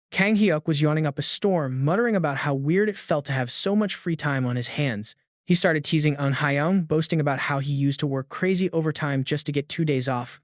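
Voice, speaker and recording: A man's voice: on the high side, no room sound, studio quality. Man narrating a dramatic recap. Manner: brisk, dramatic storytelling. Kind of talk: scripted story narration.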